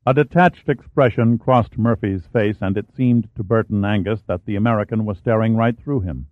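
A man reading an audiobook chapter in a steady, measured narration. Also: on the low side, no echo. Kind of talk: scripted narration. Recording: dry, tinny phone-like sound.

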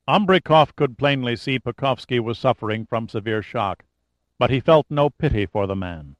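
A man giving a steady, dramatic narration of a thriller audiobook. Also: medium pitch, normal speed, dry recording. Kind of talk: scripted narration.

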